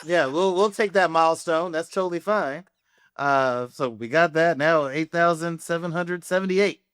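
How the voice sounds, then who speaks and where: A man co-hosting a casual podcast, telling animated stories about waiting tables and laughing often. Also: a little high, normal speed, clear, resonant tone, dry recording, studio quality. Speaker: podcast co-host. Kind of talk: casual chat.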